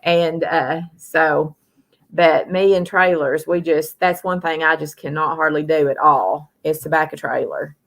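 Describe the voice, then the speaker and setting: A woman's voice: deep voice, fairly even intonation, a little slow, vocal fry. A middle-aged woman hosting a live stream, telling a rambling, folksy story full of "uh" and "you know". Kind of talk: casual storytelling chat.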